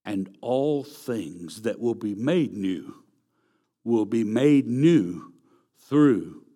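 A man's voice: on the low side, lively intonation, extremely slow, mellow. A man preaching a sermon, emphatic and repeating key phrases for stress. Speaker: pastor.

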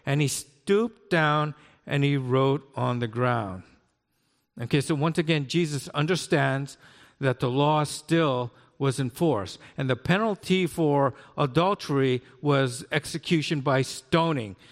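Older pastor preaching in a reverberant hall. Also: male voice, mid-range voice, measured pace. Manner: conversational, often asks "right?". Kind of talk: sermon.

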